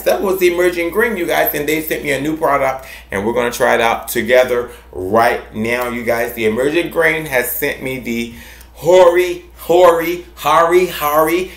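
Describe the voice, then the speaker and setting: A man hosting a casual gardening vlog, gushing affectionately at his viewers and repeating himself. His gravelly voice leaps up and down in pitch. He sounds like he is in an echoey room at home. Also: a bit bright. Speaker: gardening channel host.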